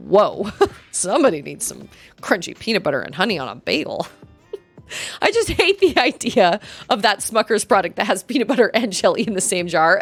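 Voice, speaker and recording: With a mid-range, sing-song voice carrying a breathy edge, a woman talks at normal speed while streaming a game. She chats easily with viewers and voices the game's dialogue playfully, over faint background game music.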